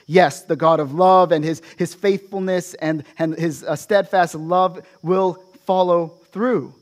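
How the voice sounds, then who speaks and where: A male pastor preaching an expository sermon, often checking in with the congregation with a quick "right?". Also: high voice, steady tone.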